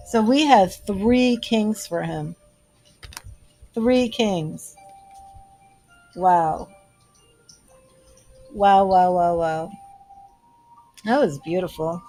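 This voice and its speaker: A woman's voice: medium pitch, warm tone, low-quality recording. A woman giving a live tarot reading, effusive and emotional, often laughing between thoughts. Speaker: tarot reader.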